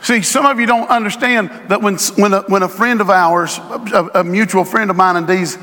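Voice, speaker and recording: A middle-aged male pastor preaching to his congregation, drawing out phrases for emphasis and rising to shouts. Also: high-pitched, steady tone, normal speed. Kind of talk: sermon. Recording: long hall reverb.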